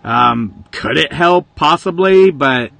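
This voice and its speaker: A man who works as a hotshot trucker, a guest on a livestream chat, talking in an easygoing way with many pauses and fillers. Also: fairly high pitch, lively intonation, creaky, a bit bright, no room sound.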